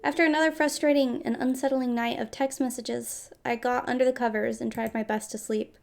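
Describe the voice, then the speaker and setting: High-voiced chatty woman streamer. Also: steady tone, fairly quick, vocal fry. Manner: chatty, giggly asides. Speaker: gaming streamer. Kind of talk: casual game commentary and reading aloud.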